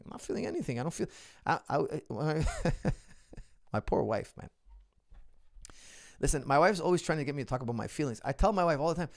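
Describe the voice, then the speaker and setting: A man's voice: fairly high pitch, animated, fairly quick, gravelly. A middle-aged man, a martial arts coach, chatting emphatically and jokingly with viewers in a live question-and-answer stream. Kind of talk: livestream Q&A chat.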